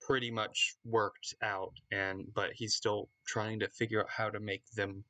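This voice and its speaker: A man's voice: lowish voice, level tone, a little slow, sharp tone, recorded from a distance. A man chatting casually as a tabletop game player, in an easygoing way.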